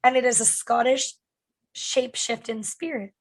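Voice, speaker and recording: A woman's voice: a little high, fairly even intonation, normal speed. A woman co-hosting a casual comedy podcast, chatty and loose, trailing off with fillers and the odd swear word. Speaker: podcast co-host.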